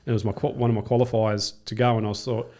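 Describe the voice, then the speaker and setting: A man's voice: on the low side, little pitch movement, quick pace, warm tone. A man in his thirties with an Australian accent, a podcast guest telling stories casually, swearing freely. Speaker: podcast guest, triathlete and coach. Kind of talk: casual storytelling.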